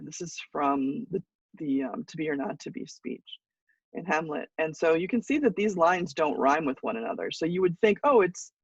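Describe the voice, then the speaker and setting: A woman teaching a college English class, explaining patiently with pauses and now and then clearing her throat. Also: low-pitched, no echo, muffled recording. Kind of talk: class lecture.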